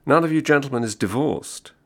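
A man's voice: medium pitch, brisk, vocal fry, pitched above the performer's own voice, close to an everyday voice. A man reading the part of a bored, sardonically joking American man of thirty-five. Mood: wry. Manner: wry, teasing, mock-jovial.

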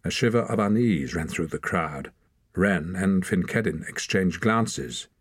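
A man's voice: deep voice, unhurried, breathy edge, dry recording, studio quality. A man narrating a story as an audiobook reader, reading expressively. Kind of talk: scripted narration.

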